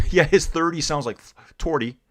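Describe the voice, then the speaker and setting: A middle-aged Canadian man, slightly high-pitched with a bit of brightness, speaks at a moderate pace while streaming cycling race commentary. His manner is laid-back as he talks with viewers, calling them dude and guys.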